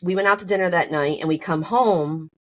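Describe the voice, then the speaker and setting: A woman's voice: fairly low pitch, fairly quick, a bit bright. A woman telling her own story on a podcast, casually and animatedly, full of "like" and "you know", acting out both sides of arguments in a rising voice. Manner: many fillers like "like" and "you know".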